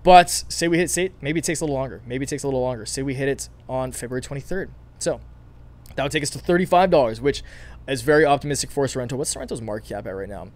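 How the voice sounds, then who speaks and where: A man hosting his own stock market channel, talking casually and eagerly to viewers with a scratchy throat, full of fillers and restarts. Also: mid-range voice. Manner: fast, filler-heavy, enthusiastic talk with many restarts.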